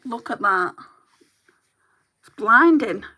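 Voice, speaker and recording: A woman's voice: a little high, lively intonation, slow pace, bright, forceful tone. A woman chatting candidly to the camera while doing her makeup, telling stories with a chatty, open manner. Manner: chatty, candid storytelling with laughs.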